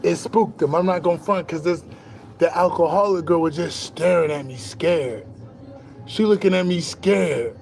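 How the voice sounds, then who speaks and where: A young man talking casually to camera in a boastful, animated monologue full of slang and swearing, laughing now and then. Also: on the high side, moderate pace, creaky, faint music behind. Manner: laughs between lines. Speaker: spiritual vlogger.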